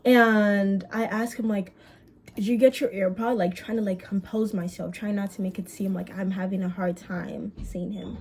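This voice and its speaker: A young woman vlogger telling a story in casual chat, animated and swearing, with quick bursts and drawn-out words. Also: medium pitch.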